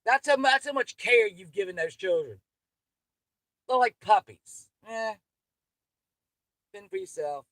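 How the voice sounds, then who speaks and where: A woman's voice: medium pitch, expressive, unhurried, pauses often, fairly bright tone, no room sound, low-quality recording. A woman, hosting her channel with an angry, profane, rambling livestream rant. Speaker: channel host.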